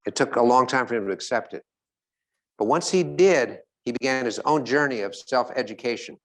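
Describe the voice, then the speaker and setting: A man speaking as a motivational speaker, telling stories to a live audience, asking it questions and slowing down on key points. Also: medium pitch, lively intonation, a bit bright.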